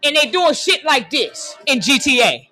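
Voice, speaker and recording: A livestream host ranting emphatically, often repeating "excuse me" and "hold on", swinging between loud and hushed and drawing out key phrases into a phone. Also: high-pitched, sing-song, normal speed. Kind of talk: conspiracy rant on a live stream.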